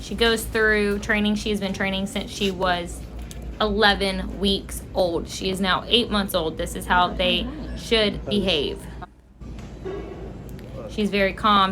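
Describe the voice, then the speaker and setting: A woman's voice: medium pitch, sharp tone, slight background noise. A woman vlogger giving earnest commentary as she reads out viewer comments and lectures about service dogs. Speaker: vlogger, service dog handler.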